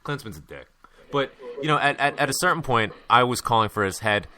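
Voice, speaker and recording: A man's voice: mid-range voice, animated, brisk, pushed and bright. A young American man hosting a casual sports chat, hungover and rambling with lots of fillers and restarts. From United States. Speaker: podcast host.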